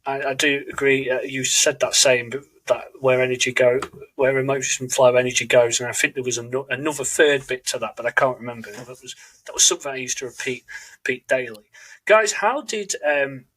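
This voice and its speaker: A man's voice: medium pitch, a little fast, fairly bright tone, low-quality recording. A man hosting a podcast in a casual conversation. He talks in an earnest, reflective way and often searches for his words. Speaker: podcast host.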